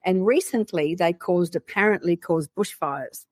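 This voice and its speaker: Aussie woman podcast host, lowish voice, deadpan jokes, chatty. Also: measured pace. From Australia. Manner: dry joking, acts out voices in anecdotes. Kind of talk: casual chat.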